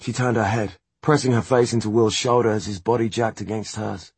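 A man narrating a novel as an audiobook in a steady, measured reading. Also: fairly low pitch, husky, dry recording. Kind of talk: scripted narration.

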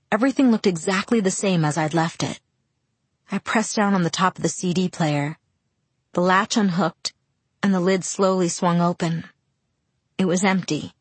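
A woman with a slightly low, husky voice narrates a first-person novel. Her reading is quiet, measured and somber. The recording is dry and close to the mic. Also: no echo. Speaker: audiobook narrator.

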